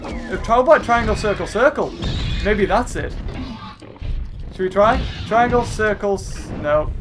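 A man doing jokey gameplay commentary as a let's play host, excitable and often shouting at the screen. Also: high-pitched, unhurried. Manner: excitable and jokey, yelling at the game. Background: game music.

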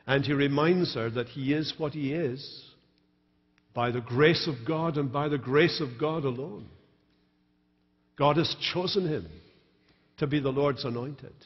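Male pastor, fairly high voice, dry wit, sermon in a reverberant church, dull stream sound. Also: slightly rough. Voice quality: storytelling, dry humor. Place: large church sanctuary.

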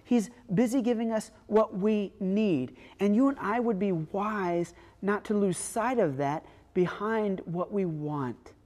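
A woman's voice: medium pitch, slow pace, hardly any pauses, dark tone. Woman preaching in a reverberant hall. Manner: conversational storytelling. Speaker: pastor. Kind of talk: sermon.

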